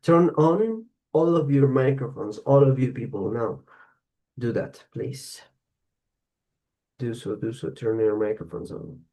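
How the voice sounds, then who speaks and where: A man's voice: medium pitch, unhurried, dark tone. A man teaching an online English class, giving praise and repeating words for students to copy.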